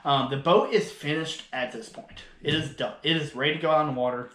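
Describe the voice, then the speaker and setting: A man's voice: fairly high pitch, fairly quick, a bit bright. A man co-hosting a casual podcast, talking in a laid-back way and laughing often. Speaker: podcast co-host. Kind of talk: casual chat. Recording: echoey room.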